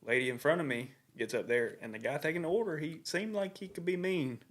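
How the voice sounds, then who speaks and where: A man's voice: fairly high pitch, fairly quick, fairly bright tone. A man co-hosting a casual chat, teasing his friend and telling an anecdote. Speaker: podcast co-host.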